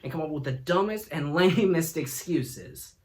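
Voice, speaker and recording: A man's voice: a little high, expressive, unhurried, darkish tone. A man hosting a comedy talk show, telling a rambling story with folksy asides and frequent laughter. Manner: laughs often, acts out voices, folksy asides.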